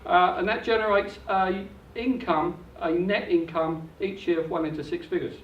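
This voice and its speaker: A man's voice: high voice, steady tone, normal speed. An older man giving an upbeat, salesy property seminar presentation, recorded from a distance in a hotel function room. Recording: echoey dull room recording from afar.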